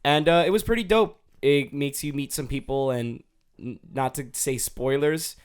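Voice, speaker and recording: A man's voice: mid-range voice, normal speed, smooth. A man co-hosting a casual podcast chat, talking in a laid-back, slangy way. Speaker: podcast co-host.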